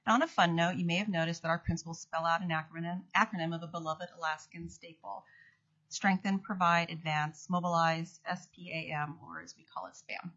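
In a legislative hearing room, a woman serving as acting state commissioner reads prepared testimony, fixing small slips as she goes. Her voice is lowish and fairly bright, with fairly even intonation and a fairly quick pace, captured in dull lo-fi audio.

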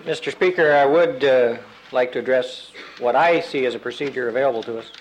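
Halting male lawmaker on the floor. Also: medium pitch, slight background noise, low-quality recording. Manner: halting and deliberate, many fillers and restarts. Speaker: state representative. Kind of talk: floor debate. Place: legislative chamber.

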